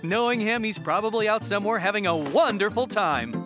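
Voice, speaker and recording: Mild cheerful pet owner, high and lively, over cartoon score. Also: male voice, brisk. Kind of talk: cartoon voice acting. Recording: cartoon music behind.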